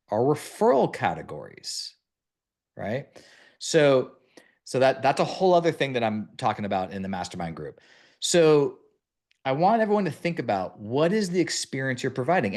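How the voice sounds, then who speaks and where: A man hosting a mortgage-business podcast, coaching listeners step by step in an instructive way. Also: medium pitch. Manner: instructive, lays out steps one by one. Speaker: mortgage branch leader and podcast host.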